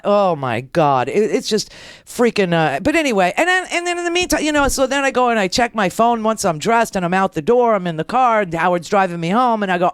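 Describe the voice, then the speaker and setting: A woman's voice: medium pitch, sing-song, fairly quick, clean tone, no room sound, studio quality. A middle-aged woman radio talk host telling a story in a brash, wisecracking way and acting out the lines of the people in it. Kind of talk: casual storytelling monologue.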